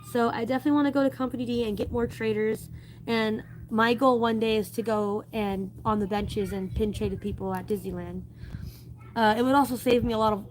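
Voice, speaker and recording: Chatty woman live-streaming, slightly high voice. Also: a little hiss or hum. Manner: chatty and rambling with many fillers and restarts. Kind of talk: casual live-stream chat reading viewer comments.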